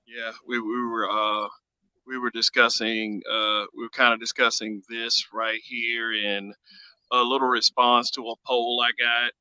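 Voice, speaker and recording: Bright-voiced man rambling as a host. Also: medium pitch, little pitch movement, measured pace, clean tone, no room sound, rough recording. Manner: rambling, full of uh fillers, laughs often. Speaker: podcast host. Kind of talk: casual podcast chat.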